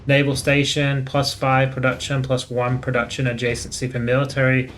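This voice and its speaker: Bright-voiced man narrating strategy gameplay. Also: medium pitch, normal speed. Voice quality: even, matter-of-fact reading with casual asides. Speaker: gaming channel host. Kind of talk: strategy game commentary, reading game text aloud.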